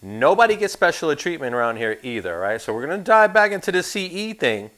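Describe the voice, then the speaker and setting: A man's voice: on the high side, big pitch swings, fairly quick, bright, forceful tone. A man teaching an insurance course in a recorded class, with sarcastic, joking asides.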